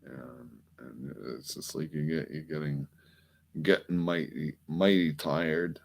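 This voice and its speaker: A man's voice: extremely low pitch, steady tone, slow, creaky. A man hosting a rambling late-night monologue, meandering and swearing casually. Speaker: podcast host.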